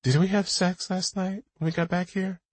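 Brash young female singer, voiced by a man: teasing, showy, husky, pitched high. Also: little pitch movement, normal speed, darkish tone, no room sound.

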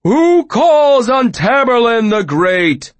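A high, lofty oddball scholar in a storybook reading, swooping and lively, as a man puts him on. He intones grandly, then slips into childlike distraction. The sound is dry and close. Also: slow pace, no echo, exaggerated voice. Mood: grandly dramatic. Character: eccentric hooded scholar, theatrical, childlike.

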